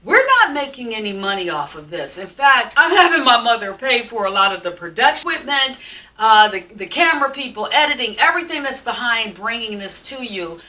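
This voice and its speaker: Frank woman host giving a pep talk, bright forceful voice, mic a bit far off. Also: on the high side, sing-song, a little fast, faint music behind. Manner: frank, emphatic, preacherly, calls viewers sis. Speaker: show host. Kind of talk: direct-to-camera motivational talk.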